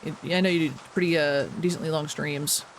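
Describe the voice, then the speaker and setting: A young man streaming a video game, chatting casually with his chat while he plays, animated and self-mocking. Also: a little high, a little fast, slight background noise.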